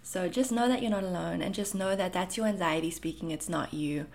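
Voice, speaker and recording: A woman's voice: mid-range voice, fairly quick, gravelly. Chatty woman with a mixed South African-Canadian accent. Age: 30s. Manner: reassuring, chatty, frequent fillers. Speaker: anxiety content creator. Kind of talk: casual Q&A monologue.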